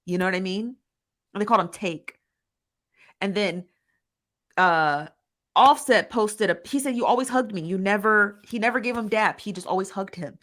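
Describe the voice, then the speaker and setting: Animated woman chatting to viewers. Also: mid-range voice, normal speed, pauses often. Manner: animated, laughing, talks straight to viewers with "honey" and "child". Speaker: commentary host reading live chat. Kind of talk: casual live-stream commentary.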